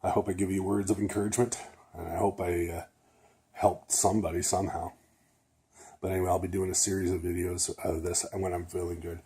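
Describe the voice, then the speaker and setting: A man's voice: low-pitched, level tone, a little fast, dark tone, slight background noise. An older man, a retired nurse, talking casually to camera in a rambling way, a little nasal and often checking in with "okay?". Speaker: vlogger.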